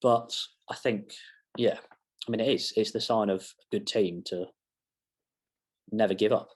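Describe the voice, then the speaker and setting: A man's voice: fairly low pitch, steady tone, unhurried, darkish tone. A young man giving a casual football match reaction to camera, rambling with self-mocking asides. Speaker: fan channel presenter.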